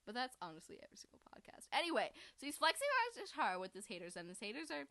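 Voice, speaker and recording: A woman's voice: high-pitched, huge pitch swings, racing, bright, forceful tone, no echo. A young woman co-hosting a comedy podcast, chatting casually with rambling, giggly asides. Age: young adult. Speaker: podcast co-host.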